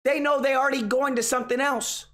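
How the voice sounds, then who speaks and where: A man's voice: extremely high pitch, fairly even intonation, fast talker, fairly bright tone. A young man hosting an online commentary show, ranting in a casual, exasperated and profane way. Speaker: political commentary host.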